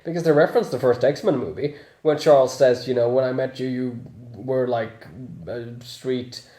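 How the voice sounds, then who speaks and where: Give me a man with a relaxed, mellow voice reviewing a film casually, chuckling as he goes, in a room with some echo. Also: medium pitch. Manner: chatty, laughs often, swears freely. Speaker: movie reviewer.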